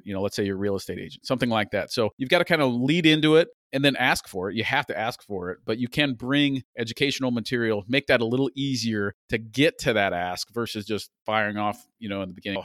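A man giving sales advice as a podcast guest, animated and quick to act out little sample conversations. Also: lowish voice, dry recording, clean studio sound. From United States. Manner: animated, acts out little dialogues, frequent restarts. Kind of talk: casual advice-giving interview talk.

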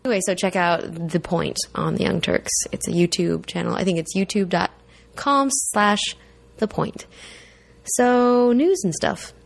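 A woman hosting a casual podcast, her voice sitting a little low with plenty of gravelly fry. She talks in a chatty, bantering way and has the hiccups. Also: measured pace. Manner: chatty, laughing, tipsy-then-sobered banter. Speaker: podcast host. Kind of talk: casual chat.

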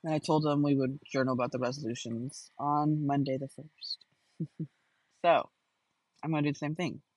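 A woman's voice: low-pitched, fairly even intonation, moderate pace, darkish tone, no echo, low-quality recording. A woman recording a casual stream-of-consciousness audio journal on a phone voice recorder while sitting in a car, chatting along with many fillers and self-corrections. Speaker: podcast host.

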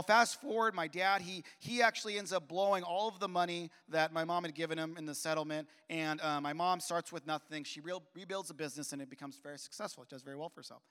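High-voiced man preaching in an echoey hall. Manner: animated, with repeated restarts and acted-out dialogue. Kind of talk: personal storytelling sermon. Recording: long echoey hall reverb.

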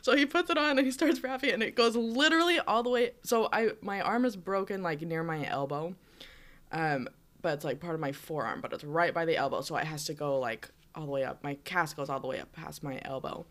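A woman's voice: deep voice, fairly quick, fairly bright tone. A woman in her twenties from the United States, a teacher, telling a rambling story in casual chat with lots of fillers. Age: 20s.

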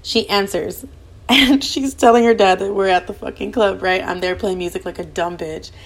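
A young woman hosting a podcast, telling a personal story in casual, fast, animated chatter full of swearing. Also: mid-range voice. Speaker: podcast host.

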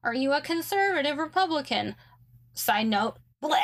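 A woman's voice: a little high, unhurried, a bit bright. A young woman casually telling a story about a roommate, full of "like" and "um", with sarcastic asides. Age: young adult. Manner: chatty, many likes and ums, sarcastic asides.

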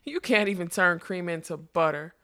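A woman voicing a coarse, mocking male carnival brute with a gruff, taunting manner. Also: lowish voice, normal speed, fairly bright tone, no room sound, clean studio sound, lightly acted.

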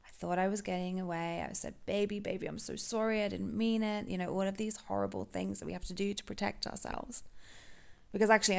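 A woman hosting a podcast, telling a painful personal story in a candid, halting, emotional way. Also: medium pitch, gravelly. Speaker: podcast host.

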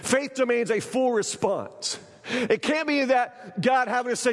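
A man's voice: very high-pitched, unhurried. A man preaching a sermon, emphatic and repeating phrases, often asking the congregation if they understand. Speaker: pastor. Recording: church hall reverb.

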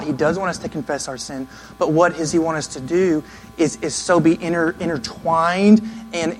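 A man preaching a sermon in an earnest, conversational way, now and then acting out quick asides. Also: on the high side, poor audio. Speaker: pastor.

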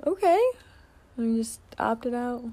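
A woman's voice: on the high side, expressive, slow pace, warm tone. A young woman co-hosting a podcast in casual chat, teasing her friend, laughing and swearing freely. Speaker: podcast co-host.

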